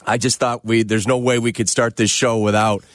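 A man's voice: medium pitch, flat delivery, moderate pace, dry recording, studio quality. A man hosting a sports radio show, talking in a reflective, conversational way.

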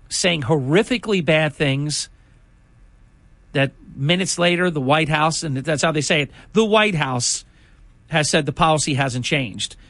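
Older male talk host, slightly high voice, dry booth sound, conversational and indignant. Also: a bit bright, dry recording. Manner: indignant, conversational, rambling asides. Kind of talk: political talk commentary.

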